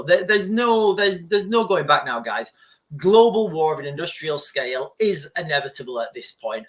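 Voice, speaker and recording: A man's voice: on the high side, fairly bright tone. A man vlogging political commentary to camera. He rambles, restarts his sentences often and keeps turning to the viewers as "guys". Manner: rambling, with frequent restarts and repeated asides to "guys".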